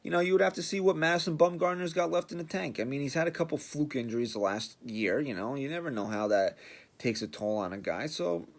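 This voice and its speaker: A man's voice: a little high, fast talker. A man hosting a podcast, giving a blunt, sarcastic sports rant and mocking the people he talks about. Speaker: podcast host.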